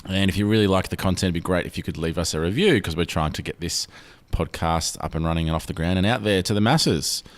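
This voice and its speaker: A man hosts a casual podcast, his voice sitting a little low. He chats loosely and restarts his sentences often. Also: fast talker, few pauses. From Australia. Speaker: podcast host.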